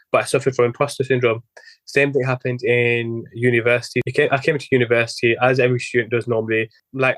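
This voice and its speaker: Fast-talking man, flat delivery. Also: medium pitch, dry recording. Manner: rambling, quick, many restarts and quoted self-talk. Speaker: guest physiotherapist. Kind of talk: conversational podcast interview.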